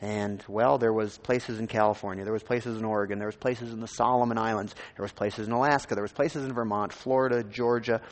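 A man's voice: on the low side, fairly even intonation, a little fast, few pauses. Rambling storytelling man in a reverberant hall. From Minnesota. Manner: informal, rambling storytelling with frequent restarts. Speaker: pastor. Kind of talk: personal testimony in a sermon.

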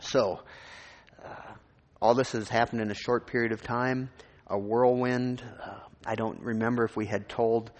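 A man from Minnesota, preaching his own testimony in loose, rambling storytelling and often restarting his sentences. His mid-pitched voice rings out with the long reverb of a large church hall. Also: steady tone, a little slow. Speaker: pastor. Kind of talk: personal testimony in a sermon.

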